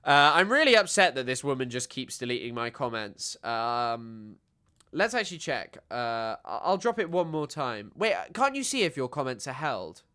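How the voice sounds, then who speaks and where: A man's voice: medium pitch, sing-song, moderate pace, pushed and bright. A man streaming reaction commentary, sarcastic and ranting at his critics.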